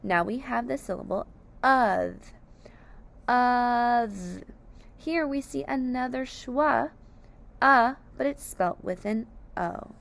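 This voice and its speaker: Woman, phonics teacher, slightly high voice, over-enunciated syllables, slow careful lesson. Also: expressive, creaky, fairly bright tone.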